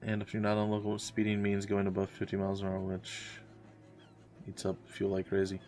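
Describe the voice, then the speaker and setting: Young man with a lowish voice, chatty and ranty, streaming gameplay. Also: completely flat delivery, brisk, a little mellow. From Florida, USA. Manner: rambling, ranting asides. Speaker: let's play streamer. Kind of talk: casual gameplay chat.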